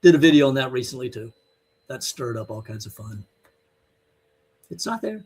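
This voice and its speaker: A man's voice: medium pitch, very animated, moderate pace, a little mellow, husky. A man giving an online teaching sermon, emphatic, blunt and scolding as he presses his point. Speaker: Bible teacher.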